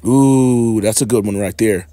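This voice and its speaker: Excited preacher, close dry sound. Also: male voice, on the low side, a little slow, dry recording. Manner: excited, emphatic, repeats himself; profane outbursts. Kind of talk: sermon on his channel.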